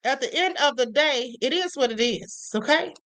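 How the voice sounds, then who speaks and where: A woman's voice: sits high, lively intonation, moderate pace, fairly bright tone. A young woman hosting a live stream, reading viewer comments and speaking emphatically about justice. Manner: emphatic, preachy, reads comments aloud.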